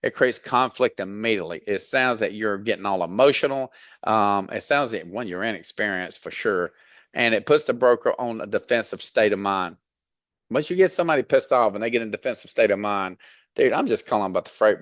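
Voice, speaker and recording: A man with a Southern drawl talks through a freight dispatching lesson in a low, steady voice. He is blunt and folksy, drops in mild cursing, and fills pauses with ums and you-knows. The recording is dry and close. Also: no room sound. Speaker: dispatch trainer. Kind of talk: casual instructional talk.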